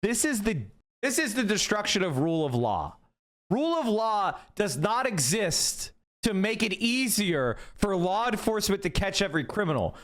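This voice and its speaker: Furious, foul-mouthed man ranting, high voice. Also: sing-song, moderate pace, fairly bright tone. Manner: angry, profane, incredulous outbursts. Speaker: political commentator. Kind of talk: reading a court ruling aloud and ranting over it.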